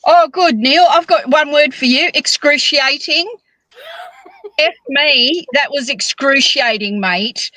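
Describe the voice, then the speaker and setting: A woman, chatting in a teasing, animated way as a monthly guest on a casual podcast. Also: high voice, slow pace, no room sound, rough recording.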